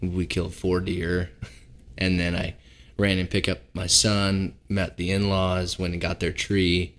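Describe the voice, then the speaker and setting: A man in his thirties from Seattle, a guest on a casual podcast, relaxed and self-mocking and quick to laugh. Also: deep voice. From Seattle, United States.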